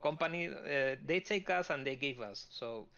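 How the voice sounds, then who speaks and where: Halting man with dull lo-fi sound. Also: medium pitch, expressive, gravelly, a bit bright. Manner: halting, searching for words with many fillers. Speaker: podcast guest. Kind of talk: casual podcast chat. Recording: dull lo-fi audio.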